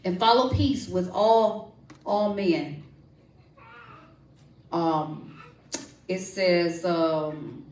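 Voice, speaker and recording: Lively woman preaching in an echoey church. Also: fairly low pitch, very slow, pauses often, distant mic. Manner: lively, call-and-response, folksy. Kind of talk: sermon with testimony and prayer. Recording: echoey room, voice from off-mic.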